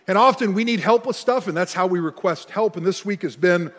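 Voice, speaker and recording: A man preaching a sermon as pastor, telling stories and slowing to press hard on key words. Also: sits high. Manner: storytelling, slows and pushes hard on key words. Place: church sanctuary. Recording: long hall reverb with soft music.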